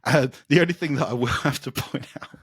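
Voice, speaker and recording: A man with a medium-pitched, fairly bright but husky voice talks fast on a dry, clean studio recording. Co-hosting a podcast, he chats casually and enthusiastically about metal records, rambling with fillers and swearing.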